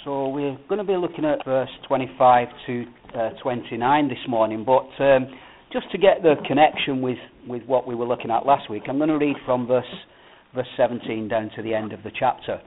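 A man preaching a sermon as pastor, reading scripture and then explaining it, earnest and slowing down to stress key phrases. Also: mid-range voice. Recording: tinny phone-like sound.

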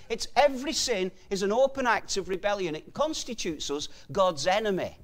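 A man's voice: high-pitched, expressive, moderate pace, hardly any pauses, a bit bright. A man preaching a sermon in an earnest, emphatic way, quoting scripture as he goes.

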